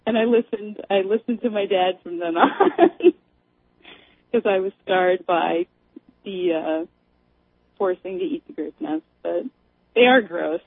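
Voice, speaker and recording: A woman's voice: mid-range voice, measured pace, long pauses, husky, no room sound. A woman calling in to a radio show, telling a story with frequent laughs. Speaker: caller. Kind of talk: casual chat. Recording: tinny dry phone line.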